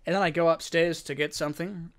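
A fast-talking Australian man with a slightly high, steady, clean voice co-hosts a podcast. He tells a lengthy story casually, with plenty of repetition and easygoing swearing.

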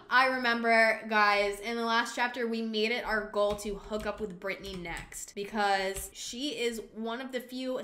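Woman doing let's play commentary, super reactive, gasps a lot, bright tense voice, roomy echo. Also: mid-range voice. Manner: excitable, gasping, exclaiming, swearing at the game. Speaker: gaming channel host. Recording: echoey room.

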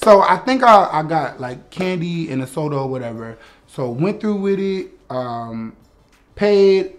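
A young man with a notably high voice tells a comic story from his own life in a loose, animated way. He swears freely and keeps laughing through his own telling. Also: unhurried. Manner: animated, profane, laughing as he talks. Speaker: guest storyteller.

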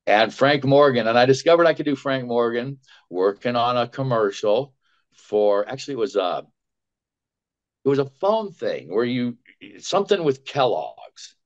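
A man who is a voice actor, telling chatty, animated stories about his work as a guest. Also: medium pitch. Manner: chatty, animated anecdotes with quick asides. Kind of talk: casual storytelling. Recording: dull lo-fi sound.

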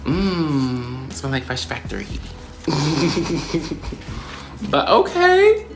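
A young man in a casual vlog, talking in a playful, slangy way and often breaking into high squeals. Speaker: YouTuber.

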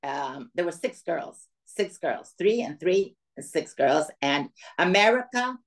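A woman's voice: lowish voice, a little slow. An older woman from the former Soviet Union, a guest speaker telling her life story to a women's audience and acting out the dialogue as she goes. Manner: lively storyteller who acts out quoted dialogue.

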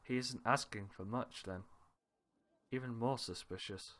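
A man's voice: mid-range voice, measured pace, a bit bright. A man reading aloud every character's lines of a visual novel, switching between characters with small laughs and asides. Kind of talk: reading game dialogue aloud with light character voices.

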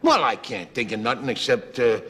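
An actor playing a stubborn, blustering middle-aged working-class husband, speaking in a brash, gruff manner in 1970s sitcom style. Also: male voice, mid-range voice, very animated, normal speed, pushed and bright. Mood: blustery. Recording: old TV tape with audience laughter.

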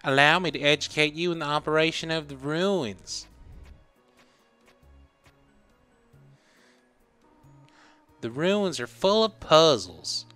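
A man voicing a gentle, motherly old goat-woman caretaker in a put-on Southern US accent. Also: on the high side. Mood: welcoming. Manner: gentle, motherly, calls you sugar.

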